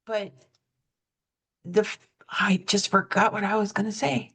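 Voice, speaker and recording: A woman with a mid-range, bright-ish voice and a breathy edge speaks a little slowly with little pitch movement. She hosts a coaching podcast in a conversational interview, reflective and self-correcting, telling stories and acting out both sides of the dialogue.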